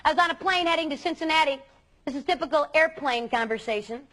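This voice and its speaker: At a quick pace, a youth speaker with a high voice earnestly addresses students in a room, stressing key words with emphasis and an animated, lively energy.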